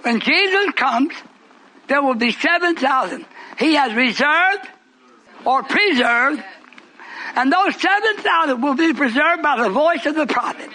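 High, bright-voiced man preaching fervently. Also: rough recording. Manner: swings from low murmurs to high shouted preaching. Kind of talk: fiery sermon.

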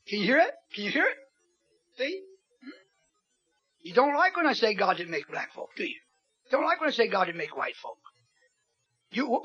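A man preaching a sermon, emphatic and repetitive, swinging from loud to soft. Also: extremely high pitch, very animated, normal speed, pauses often, slightly rough. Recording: dull lo-fi sermon recording with faint music.

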